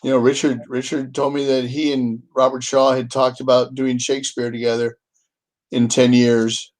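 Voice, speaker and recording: A man co-hosting a casual live chat, relaxed and explanatory, thinking aloud as he goes. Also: mid-range voice, moderate pace.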